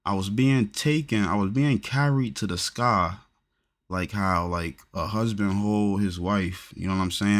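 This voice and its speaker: A man from New Jersey in casual chat, telling a loose, profane story with lots of slang. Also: on the low side.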